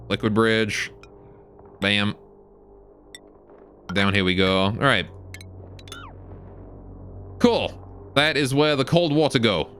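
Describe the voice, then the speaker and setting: A man's voice: mid-range voice, fairly bright tone. A man from Britain whose accent has turned mostly Canadian, chatting casually and rambling on a live game stream while answering viewer questions. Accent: British, now mostly Canadian.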